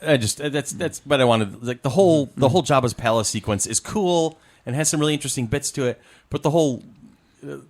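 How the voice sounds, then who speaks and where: A man co-hosting a casual chat, animated and jokey, sometimes acting out movie lines. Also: mid-range voice, fast talker. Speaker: podcast co-host.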